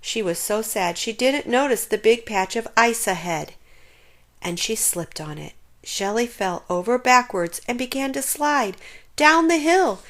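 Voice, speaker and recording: A woman reading a children's picture book aloud in an expressive, sing-song storyteller manner. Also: fairly high pitch.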